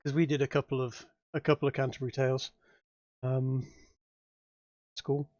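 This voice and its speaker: A man's voice: mid-range voice, flat delivery, moderate pace, a little mellow, no room sound, lo-fi sound. A man running a tabletop game as dungeon master, chatting in a rambling, hesitant way with many restarts. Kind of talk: casual tabletop game chat.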